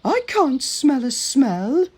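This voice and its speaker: A man voicing two prim female railway coaches who speak in a high, fussy, prissy voice. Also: sing-song, slow pace, darkish tone, husky, heavily acted. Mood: shocked.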